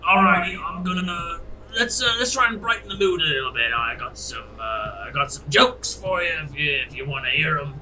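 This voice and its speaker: A man's voice: a little high, lively intonation, brisk, few pauses, sharp tone. A man voicing a nervous, folksy ship captain who hesitates and fills his speech with uhs. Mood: placating. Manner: hesitant, placating, full of uhs. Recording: echoey room, far from mic.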